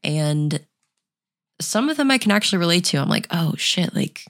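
A woman's voice: lowish voice, sing-song, normal speed, a bit bright. A young woman co-hosting a podcast, chatting casually in a blunt, rambling way and swearing freely. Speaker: podcast co-host. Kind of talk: casual chat.

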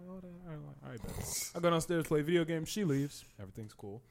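A man's voice: on the high side, lively intonation, fast talker, hardly any pauses. A young man in casual chat with friends, retelling a story with a lot of swearing and frequent laughter.

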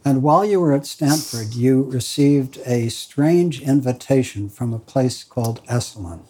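A man interviewing a guest, calmly prompting her with questions. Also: mid-range voice, unhurried, slightly rough.

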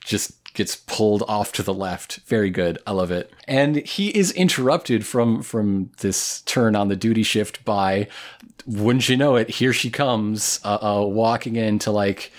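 A man co-hosting a casual anime podcast, narrating scenes and tossing in joking asides. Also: a little slow. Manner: joking asides, expressive pitch swings. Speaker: podcast co-host. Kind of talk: casual anime recap chat.

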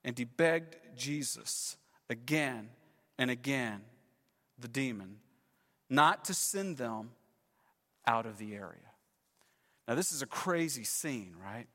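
A man pastor preaching a sermon with dramatic storytelling, swinging between loud passages and hushed ones. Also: mid-range voice, animated, slow pace, long pauses, long reverb tail.

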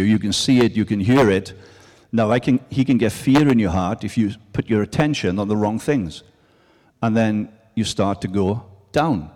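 A man with a medium-pitched, darkish voice delivers a sermon to a congregation in an easy, conversational style, raising his voice to stress key phrases. The long reverb of a large hall surrounds his words.

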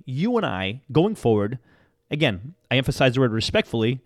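A man's voice: mid-range voice, sing-song, moderate pace, no room sound, clean studio sound. A man hosting a motivational podcast as a coach, talking earnestly and encouragingly with emphatic repetition.

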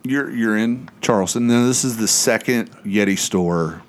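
A man's voice: fairly low pitch, measured pace. A man, telling a long rambling story on a podcast, swearing freely and acting out what people said. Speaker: podcast host. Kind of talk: casual chat.

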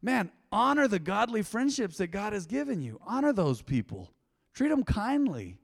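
High, lively preaching man in a hall. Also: moderate pace, creaky. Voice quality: lively, conversational preaching with sudden loud bursts and quiet drops. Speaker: pastor. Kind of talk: sermon.

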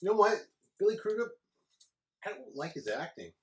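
A man's voice: high voice, very animated, normal speed, a bit bright. Man, podcast co-host, dry quips, blunt opinions, roomy echo, faint hiss. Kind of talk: casual movie review chat. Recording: echoey room with faint noise.

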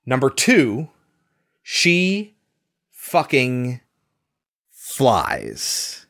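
A podcast co-host with a medium-pitched, gravelly, somewhat bright voice swings his pitch hugely and draws out his words. He talks casually and enthusiastically about a film, swearing freely and acting out quotes.

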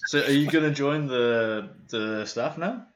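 A man's voice: medium pitch, a little slow, slight background noise. A man hosting a casual podcast, swearing freely and laughing easily. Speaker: podcast host. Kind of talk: casual chat.

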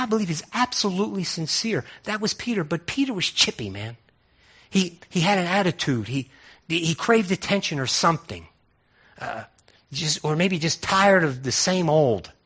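A male preacher delivers a sermon as if chatting with his congregation, piling up rhetorical questions and tripping into restarts. His voice sits a little high and has a tense, bright edge. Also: very animated, a little slow, slightly rough. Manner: conversational, asks repeated rhetorical questions, stammers into restarts.

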